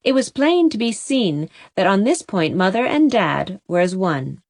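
Woman audiobook narrator, steady expressive storybook reading, dry close sound. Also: medium pitch, a little slow, dry recording.

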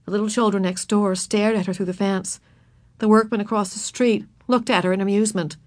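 A woman narrating a children's storybook in an expressive, animated reading. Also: mid-range voice, a little fast, no echo.

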